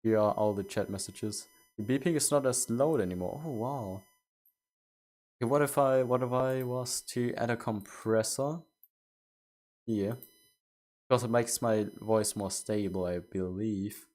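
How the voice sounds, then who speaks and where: A man's voice: on the low side, a little slow, a little mellow. A man streaming a game, chatting casually with viewers, stumbling over and repeating his words while asking them questions. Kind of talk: casual live-stream chat.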